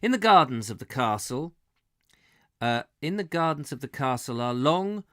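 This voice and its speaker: A man's voice: mid-range voice, expressive, moderate pace, a bit bright, dry recording, clean studio sound. A man reading an old travel book aloud on a live stream, with chatty asides and corrections.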